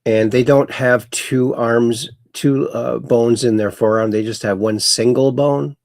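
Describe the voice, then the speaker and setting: A man with a gravelly, creaky voice hosts a casual livestream, reading viewer comments and rambling along in a folksy, repetitive way. The sound is dry and close, with no room echo. His pitch sits in the ordinary middle range for a man. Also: steady tone, a little slow, a little mellow. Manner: rambling, folksy, repeats himself. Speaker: livestream host.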